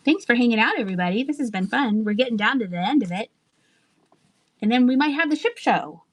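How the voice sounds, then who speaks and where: A woman's voice: a little high, lively intonation, quick pace. A woman hosting a live-stream sale, chatting casually, thinking aloud with asides and trailing sentences, and laughing often. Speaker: live online seller. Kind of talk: live-stream sales chat.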